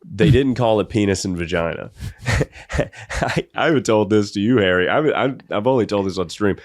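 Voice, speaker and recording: A young man with a somewhat low voice tells a funny story on his podcast. He rambles and laughs as he talks, recorded close up on a dry mic. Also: moderate pace, no room sound. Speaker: podcast host. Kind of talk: comedic storytelling.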